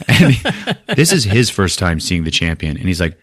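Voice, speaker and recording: A male podcast host with a lowish voice recaps a film casually and with plenty of swearing. His pitch swings widely as he builds up each scene. The mic is close and dry. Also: moderate pace, husky, dry recording. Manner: animated, profane, laughing storyteller.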